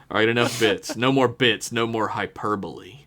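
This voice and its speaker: A man's voice: lowish voice, unhurried, fairly bright tone. A man co-hosting a podcast, reading a listener's email aloud in casual chat, wry and cursing freely. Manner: wry, swears casually, reads with mock drama. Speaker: podcast co-host.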